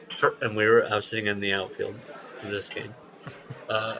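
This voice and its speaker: A man co-hosting a podcast in casual chat, telling stories with swearing and loud, mimicked shouts. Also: fairly low pitch, normal speed. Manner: animated storyteller, swears, shouts out quoted voices. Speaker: podcast co-host.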